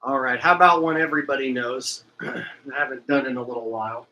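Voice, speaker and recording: A man's voice: medium pitch, a little fast, sharp tone, lo-fi sound, a little hiss or hum. A man hosting a livestream, chatting loosely and reading out comments from viewers. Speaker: livestream host.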